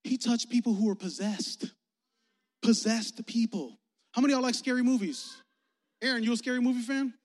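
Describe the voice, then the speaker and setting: A man preaching a lively, joking youth sermon in slangy talk, acting out little voices as he tells stories. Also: very high voice, normal speed. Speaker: youth pastor. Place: church sanctuary. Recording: long reverb of a church sanctuary.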